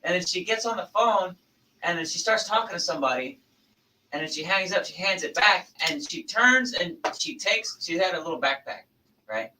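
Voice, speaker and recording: Male co-host, bright voice, giggly storyteller, slightly distant. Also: high voice, animated. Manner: laughs often, quick asides. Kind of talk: casual chat. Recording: distant mic with faint noise.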